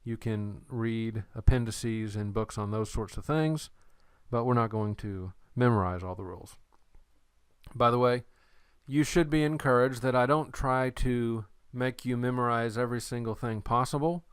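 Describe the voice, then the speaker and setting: A man's voice: medium pitch, moderate pace, clean tone, no room sound, studio quality. A man teaching an introductory Greek lesson, explaining patiently with playful memory tricks. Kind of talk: recorded lecture.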